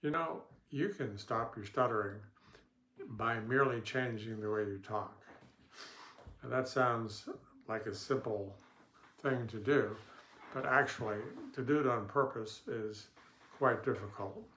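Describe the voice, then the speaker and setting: Slow, measured man in an echoey room. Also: mid-range voice, a bit bright, a little hiss or hum. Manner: slow, deliberate and measured, with pauses between phrases. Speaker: stuttering therapist. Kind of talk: instructional talk to camera.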